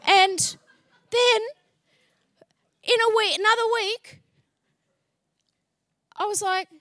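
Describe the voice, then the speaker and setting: A woman sharing a faith testimony as an animated story, acting out dialogue and laughing often. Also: very high voice, takes it slowly, no room sound, studio quality.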